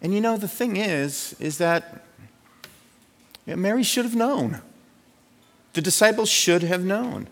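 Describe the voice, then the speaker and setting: A man's voice: high voice, expressive, measured pace, long pauses. Conversational male pastor in a reverberant hall. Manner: conversational, asks "right?" often. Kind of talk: sermon.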